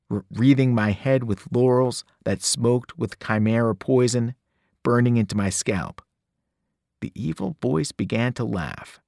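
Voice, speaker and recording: A man, a teacher, reading a novel aloud with expressive storytelling. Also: mid-range voice, vocal fry, dry recording, clean studio sound.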